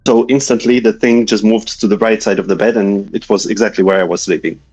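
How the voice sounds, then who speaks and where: A man's voice: on the low side, fairly even intonation, brisk, a little mellow, breathy edge. A man telling a guest's ghost story in a casual, hesitant way, often searching for words. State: a little shaky from reliving memories.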